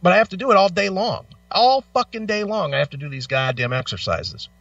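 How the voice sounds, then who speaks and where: A man with a bright, tense, slightly high voice swears his way through a story in animated casual chat, in back pain. The sound is dry but dull and lo-fi, as if he sits some way off the mic. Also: fairly quick, gravelly, no room sound, distant mic. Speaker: radio show co-host.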